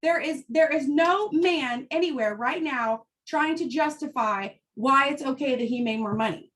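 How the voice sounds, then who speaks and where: A woman's voice: sits high, normal speed, fairly bright tone. A middle-aged woman giving a fired-up, emphatic motivational talk to the women in her business, blunt and happy to swear. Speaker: team leader addressing women in her business.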